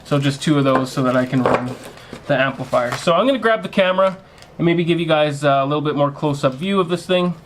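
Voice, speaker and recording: A man's voice: a little high, fast, a little hiss or hum. A man hosting a casual home theater vlog, chatting to viewers as "guys" and teasing what comes next, recorded on a camera mic in his home theater room. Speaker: home theater channel host.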